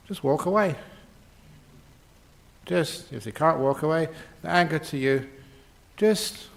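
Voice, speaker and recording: A man, a Buddhist monk, giving a dharma talk and answering written questions in a playful, expressive way with dramatic pauses. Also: fairly high pitch.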